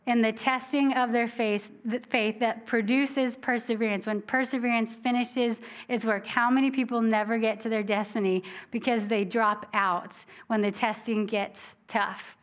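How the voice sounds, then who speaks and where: A woman with a high, bright-toned voice delivers a sermon in church. She talks in a loose, conversational way, animated and quick to laugh, and slows down to read scripture. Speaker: preacher.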